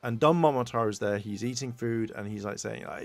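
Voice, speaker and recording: A man of ordinary pitch recaps an episode in a loose, rambling way, piling on fillers and slipping into quick impressions of the characters. His voice sits close and dry, with no room sound around it. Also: dry recording, faint music behind. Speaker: podcast co-host reviewing a tokusatsu episode. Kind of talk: casual recap.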